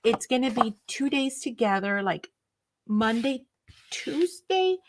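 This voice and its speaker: A woman's voice: a little high, sing-song, slow pace, slight background noise. A woman hosting a craft live stream, chatting casually with viewers in an enthusiastic, rambling way.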